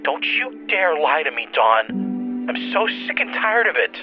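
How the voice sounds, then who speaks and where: A man's voice: on the high side, big pitch swings, a little slow, highs cut off, music in the background, voice pushed up. A man voicing an angry, tearful ex-wife who throws bitter, choked accusations.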